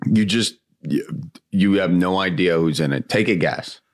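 A man chatting casually as a podcast co-host, asking quick, teasing questions. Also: deep voice. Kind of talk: casual chat.

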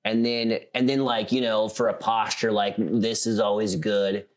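A young man from South Dakota co-hosting a comedy podcast, rambling in a relaxed way and laughing often. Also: fairly low pitch, normal speed. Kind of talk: casual comedic chat.

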